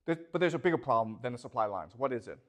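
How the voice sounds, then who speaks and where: Animated man lecturing a class. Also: mid-range voice, very fast. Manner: constantly checks comprehension with rhetorical questions.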